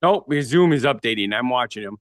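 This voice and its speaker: A man's voice: medium pitch, animated, a little fast, no echo, clean studio sound. A man co-hosting a casual show over a video call, upbeat and teasing. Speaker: podcast co-host.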